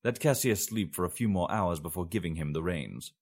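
A man reading a fantasy story aloud in measured audiobook narration. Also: low-pitched, lively intonation, a little mellow.

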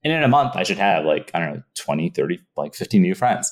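A man telling a story in an interview, animated, acting out his own past thoughts and laughing often. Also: low-pitched, quick pace. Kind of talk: casual anecdote in an interview.

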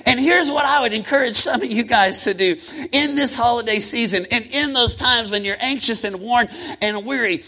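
A male pastor preaching a sermon, rhythmic and impassioned, with fast runs, slow drawn-out emphasis and calls to the congregation. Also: very high-pitched, sharp tone, poor audio. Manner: swings from quick talk to slow, drawn-out emphasis.

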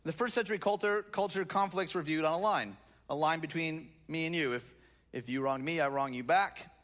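Speaking a little fast in a somewhat high, bright voice, a male pastor delivers a sermon from the church stage. He moves between reading scripture and tossing in casual, humorous asides.

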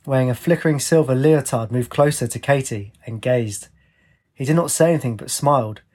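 A man reading a fantasy audiobook in a measured, descriptive way. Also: mid-range voice, a little mellow, husky. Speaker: narrator. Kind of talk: audiobook narration.

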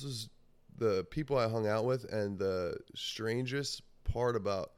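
A man's voice: on the low side, measured pace, clear, resonant tone, no echo. A man hosting a podcast, telling a rambling, profane story in casual talk and laughing often. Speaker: podcast host.

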